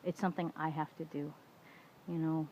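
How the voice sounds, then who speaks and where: A woman's voice: deep voice, level tone, moderate pace, a little mellow. A middle-aged woman talking casually to the camera, venting frankly with lots of swearing and "you know"s, and acting out the arguments she quotes. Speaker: vlogger. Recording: dull lo-fi home recording with faint room noise.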